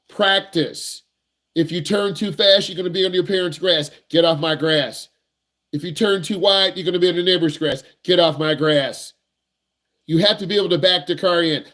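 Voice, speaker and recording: A man with a high-sitting, fairly bright voice works as a driving instructor. In a casual teaching talk, he gives young drivers blunt, repetitive advice full of slang.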